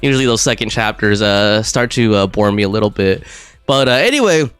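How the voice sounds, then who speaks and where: A gaming streamer chats casually through live gameplay, rambling with lots of fillers and laughing often. His voice is fairly low but lively in intonation, brisk and fairly bright, with a clean tone, no room sound and faint music behind.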